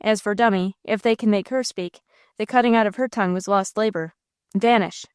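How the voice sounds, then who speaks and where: A woman's voice: mid-range voice, brisk, a little mellow, clean tone, no echo, clean studio sound, close to an everyday voice. A woman playing Black Donald, blustering robber chief. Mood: commanding. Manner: blustering, rousing, theatrical. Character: bold commanding male robber captain.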